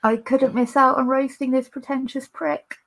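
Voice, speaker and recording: A woman's voice: high voice, steady tone, normal speed, a bit bright. A young woman guest in a casual podcast chat who sounds sarcastic and swears.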